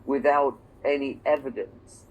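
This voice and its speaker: A man's voice: medium pitch, unhurried, phone-quality sound. A man from England teaching a one-on-one English lesson, explaining patiently with examples and checking that his student follows. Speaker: English tutor.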